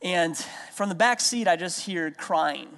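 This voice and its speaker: A man's voice: high voice, a little slow, vocal fry, fairly bright tone. A man in his thirties preaching an earnest sermon, repeating key lines for emphasis and telling everyday stories. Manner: storytelling with everyday anecdotes. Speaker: pastor. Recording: long hall reverb.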